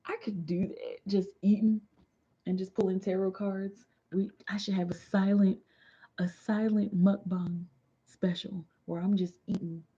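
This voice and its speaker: A woman's voice: medium pitch, little pitch movement, a little slow, dark tone, husky, highs cut off. A woman in her thirties, a tarot reader chatting casually on a livestream, laid-back and slangy, giggling often and a little tipsy. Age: 30s.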